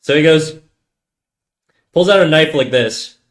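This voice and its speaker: A man live streaming, telling a story to his chat in a casual, animated and profane way. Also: a little high, measured pace.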